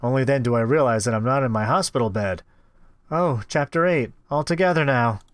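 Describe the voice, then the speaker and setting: A man reading a visual novel aloud as a game host, expressive with wry asides. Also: medium pitch, fairly quick, clear, resonant tone, dry recording, studio quality. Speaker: let's-play host.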